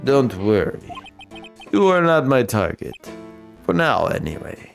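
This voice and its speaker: Man doing a cold, slow-talking assassin. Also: medium pitch, very animated, gravelly, soft background music. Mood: menacing. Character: cold male assassin, calm, menacing, businesslike.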